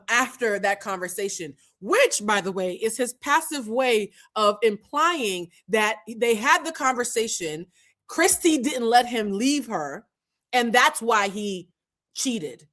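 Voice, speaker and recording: A woman's voice: fairly high pitch, expressive, slow pace, pushed and bright. A woman hosting a live pop-culture show, talking bluntly and profanely and acting out the quotes she is picking apart. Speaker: host.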